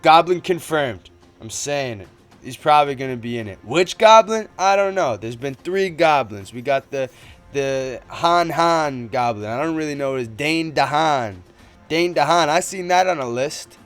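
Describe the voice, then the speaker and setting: A young man giving casual, excitable commentary on a movie trailer, rambling and slangy. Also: on the high side, moderate pace, soft background music. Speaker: movie trailer breakdown YouTuber.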